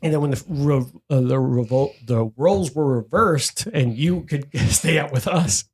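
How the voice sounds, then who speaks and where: A man's voice: medium pitch, a little slow, slightly rough. A man hosting a podcast, telling rowdy stories in casual chat, swearing freely and acting out quotes. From Dominican heritage. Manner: animated storyteller, swears freely, acts out quotes. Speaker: podcast host.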